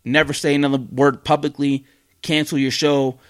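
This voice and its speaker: A man's voice: on the high side, flat delivery, normal speed, clean tone. A man hosting a podcast, delivering a blunt, heated, profane rant in casual commentary with many fillers and restarts. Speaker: podcast host.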